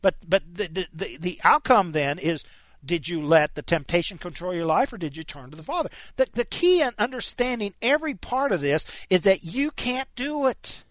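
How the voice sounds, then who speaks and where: A man's voice: high voice, big pitch swings, normal speed, fairly bright tone, no echo. A man preaching a sermon, emphatic and stopping often to restart his words. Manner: emphatic, frequent stammered restarts.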